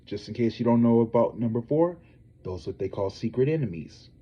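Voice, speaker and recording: Profane, animated male gossip streamer. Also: mid-range voice, fairly quick, highs cut off. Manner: profane, animated, talks straight to viewers. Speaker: psychic tarot reader and gossip host. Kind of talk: casual celebrity gossip livestream.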